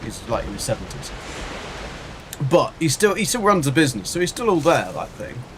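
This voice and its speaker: A man's voice: a little high, sing-song, brisk. Rambling man streaming a game, noisy audio. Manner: rambling, chatty, reads and answers chat. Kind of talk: casual live gameplay chat.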